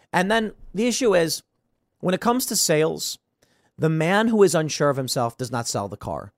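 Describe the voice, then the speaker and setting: A man hosting a podcast, giving casual political commentary with an animated, sarcastic delivery that swings between loud bursts and mumbled asides. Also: on the high side, moderate pace, no room sound, clean studio sound. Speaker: podcast host.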